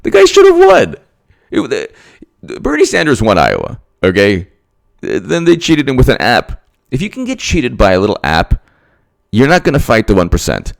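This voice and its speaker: A man's voice: on the low side, wildly swooping pitch, moderate pace, vocal fry. A man giving emphatic political commentary straight to his audience, repeating himself and firing off rhetorical questions.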